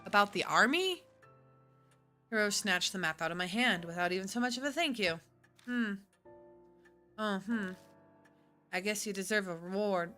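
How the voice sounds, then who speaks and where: Bright-voiced woman streamer reading a game. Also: mid-range voice, moderate pace, long pauses, faint music behind. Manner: chatty, switches between reading and asides. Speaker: VTuber streamer reading a visual novel aloud.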